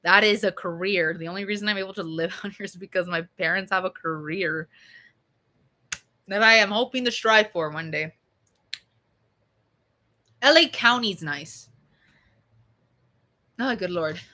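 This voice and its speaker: A young woman streaming and chatting with viewers in a loose, rambling way, full of swearing and fillers, her voice a bit hoarse from being sick. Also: medium pitch, a little slow, long pauses, bright, forceful tone. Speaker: streamer answering chat. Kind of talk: casual rambling chat.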